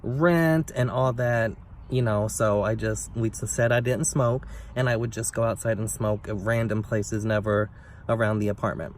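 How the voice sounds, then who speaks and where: A man's voice: fairly even intonation, moderate pace. Young guy vlogger doing a storytime rant, sassy and cussing, kinda far from the mic with a little hum. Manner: blunt, sassy and profane, with big pitch swings. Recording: somewhat distant mic with faint background noise.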